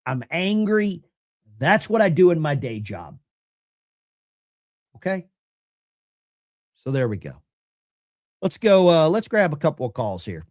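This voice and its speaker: Male call-in host, casual and rambling, with a very lively pitch. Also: a little slow, long pauses. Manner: animated and chatty, often rambling. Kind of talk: casual live-stream call-in talk.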